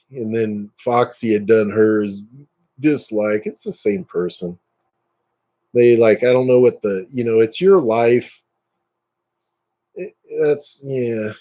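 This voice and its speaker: A man hosting a casual live stream, chatting with viewers and ranting dismissively, his pitch jumping up when he gets worked up. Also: mellow.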